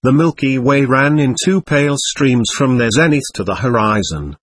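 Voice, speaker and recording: A man narrating a literary audiobook in an expressive, dramatic reading. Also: medium pitch, moderate pace, no room sound.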